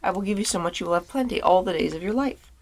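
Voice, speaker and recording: A woman's voice: fairly low pitch, quick pace, darkish tone. Woman reading as a haughty bottle spirit. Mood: pleading. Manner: proud, threatening, then pleading.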